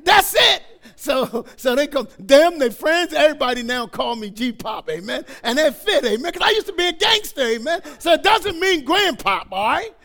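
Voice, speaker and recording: Animated, gravelly older preacher. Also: male voice, very high-pitched, moderate pace, hardly any pauses. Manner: animated, calls out "amen?" and "all right?" to the congregation. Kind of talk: storytelling sermon.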